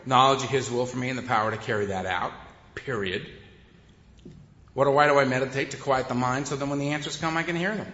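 A man's voice: medium pitch, bright, forceful tone. Wry man telling stories in an echoey hall. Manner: conversational, wry, often laughing. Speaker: speaker at a recovery meeting. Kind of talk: humorous personal storytelling. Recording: echoey hall, dull sound.

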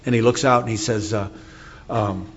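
A man's voice: on the low side, fairly even intonation, normal speed, breathy edge, muffled recording. Middle-aged man candidly sharing a recovery story. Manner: candid storytelling with wry humor. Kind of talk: recovery talk to an audience.

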